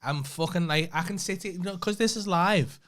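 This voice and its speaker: A man's voice: sits high, brisk, a bit bright. Sweary man chatting casually. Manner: sweary, rambling, self-deprecating. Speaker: podcast co-host, stand-up comedian. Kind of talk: casual couple's podcast chat.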